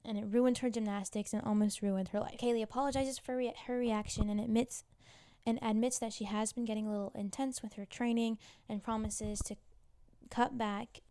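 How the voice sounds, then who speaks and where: A chatty young woman walks through a TV drama recap, filling her sentences with "like" and asides. Her voice sits a little high but sounds mellow and warm. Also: smooth. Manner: chatty, full of "like" fillers and asides. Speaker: YouTube recap host. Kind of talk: casual TV episode recap.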